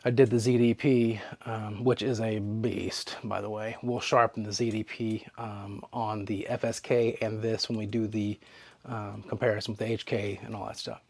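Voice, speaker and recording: A man hosting a knife sharpening channel, talking casually to his viewers in a relaxed, chatty way while he works. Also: lowish voice, moderate pace, vocal fry, dry recording. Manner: relaxed and chatty, with fillers and trailing asides. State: hiccups. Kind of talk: casual demo talk to camera.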